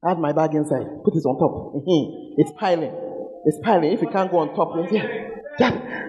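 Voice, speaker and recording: A man preaching a sermon, swinging from shouted lines to low, intense passages. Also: moderate pace, long reverb tail, muffled recording.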